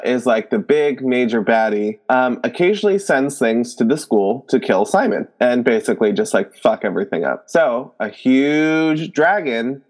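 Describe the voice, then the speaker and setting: Young male co-host, mid-pitched, rambling, excitable casual book chat. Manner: excitable, rambling, many likes. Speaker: podcast co-host.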